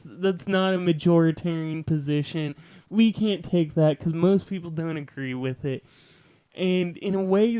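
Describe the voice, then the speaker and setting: A man with a high, smooth voice talks slowly through an earnest political monologue. He lectures with asides and quick self-corrections. His voice is recorded close and dry. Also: mellow, dry recording. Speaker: podcast host.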